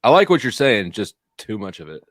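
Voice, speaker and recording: A man's voice: lowish voice, big pitch swings, fairly quick, no echo. A man hosting a livestream panel, blunt and teasing, cutting in on the other guests. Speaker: livestream host. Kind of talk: casual panel chat.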